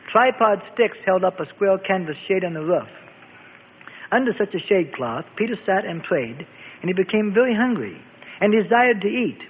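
A man narrating a scripted Bible story for radio in a steady, descriptive manner. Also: high-pitched, a little hiss or hum. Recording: tinny phone-like radio recording with reverb.

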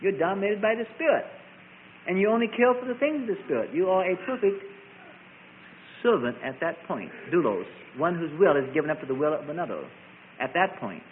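A man's voice: high-pitched, animated, fairly quick, slight background noise. Emphatic preacher man, phone-like sound. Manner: emphatic, repeats and contrasts key phrases. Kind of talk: sermon. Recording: tinny phone-like sermon recording.

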